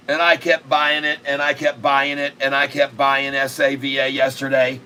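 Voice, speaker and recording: A man hosting a live day-trading stream, excitable and repetitive, cracking crude jokes and bursting out loudly. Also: mid-range voice, normal speed, hardly any pauses, smooth. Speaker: day-trading livestream host.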